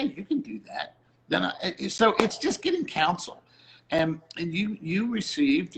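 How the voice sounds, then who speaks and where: A middle-aged man talks casually about faith and his work as a producer. His voice sits a little high, and he slips into the voices of people he quotes as he tells his stories. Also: fairly bright tone, a little hiss or hum, low-quality recording. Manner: storytelling, acts out quoted voices. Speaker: music producer.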